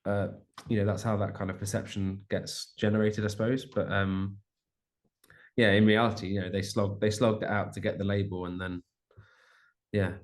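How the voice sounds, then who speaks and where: A man's voice: on the low side, little pitch movement, moderate pace. A young adult man, a musician guest chatting casually in an interview, rambling with many restarts and fillers.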